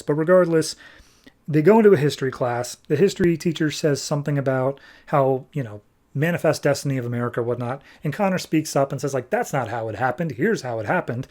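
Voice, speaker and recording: Guy on a comics podcast going thru the plot, kinda higher voice, gets fired up over mistakes. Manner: animated, exasperated nitpicking, quick paraphrased dialogue. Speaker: podcast host reviewing comics. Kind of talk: casual recap of a comic.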